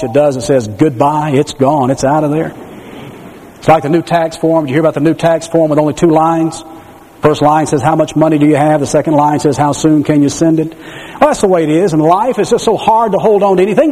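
Male preacher, animated sermon delivery, mellow voice, reverberant hall sound. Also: a little high. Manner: animated storytelling with rhetorical questions.

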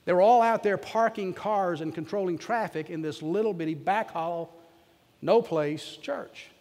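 A man's voice: high voice, normal speed, a little mellow, long reverb tail. A man preaching as a pastor, telling a story in a folksy, self-deprecating way. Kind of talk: storytelling sermon.

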